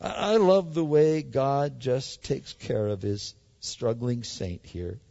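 A man preaching a sermon in an animated way, swinging from loud, emphatic lines to hushed ones. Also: medium pitch, takes it slowly, creaky. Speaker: pastor. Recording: dull sound in a large hall.

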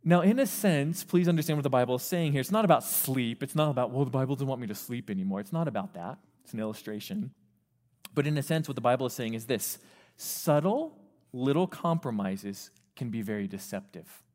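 A man preaching a sermon to a youth group, animated, acting out the voices of parents and teens. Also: mid-range voice, brisk. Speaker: youth pastor. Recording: long reverb of a hall.

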